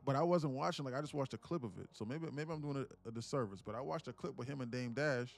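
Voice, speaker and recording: A man talking to his live-stream audience in a rambling, excitable way, repeating himself and swearing. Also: medium pitch, fast, gravelly, faint music behind. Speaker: day trading streamer. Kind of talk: casual live-stream commentary.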